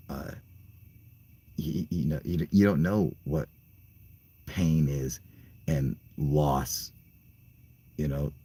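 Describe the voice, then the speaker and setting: Low, husky, profane man ranting. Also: warm tone. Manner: profane, rambling, stammering, laughing often. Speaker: channel host. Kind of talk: ranting casual monologue.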